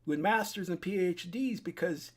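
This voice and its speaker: An online commentator with a high voice speaks at a moderate pace in an urgent, preachy warning monologue. Alone at his desk, he addresses his webcam, repeating points and restarting sentences.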